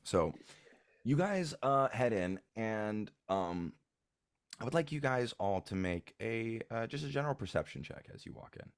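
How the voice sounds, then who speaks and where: A man narrating a tabletop game as game master, halting with many fillers and restarts. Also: on the low side, expressive, clean tone, dry recording, clean studio sound.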